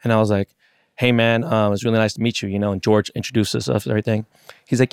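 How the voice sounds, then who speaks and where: A man's voice: on the low side, fast talker, creaky, clean tone, no room sound, studio quality. A man co-hosting a podcast, telling a story casually with lots of swearing and acted-out quotes. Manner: animated, profane, acts out quotes. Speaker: podcast co-host.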